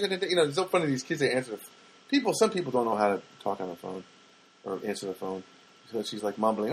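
A man's voice: lowish voice, lively intonation, quick pace, husky. An older man hosting a casual solo podcast, telling rambling everyday anecdotes with wry asides and frequent self-corrections. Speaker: podcast host.

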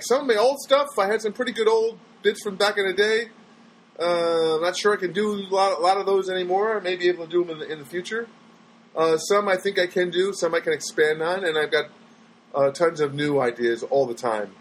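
A man's voice: a little high, slight background noise, rough recording. A man talking casually on his own as a stand-up comedian, rambling and chatty, often trailing off and restarting his sentences. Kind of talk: casual solo monologue.

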